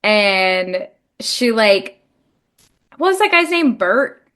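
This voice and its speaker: A woman's voice: medium pitch, big pitch swings, very slow, fairly bright tone. A young woman co-hosting a book podcast in casual, laughing chat, with lots of "like". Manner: chatty, laughs often, says like a lot. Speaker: podcast co-host.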